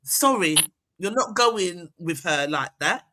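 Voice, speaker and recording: A woman's voice: lowish voice, animated, slow pace, noisy background. A woman hosting a casual chat, reading out viewer comments with blunt, laughing asides. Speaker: host.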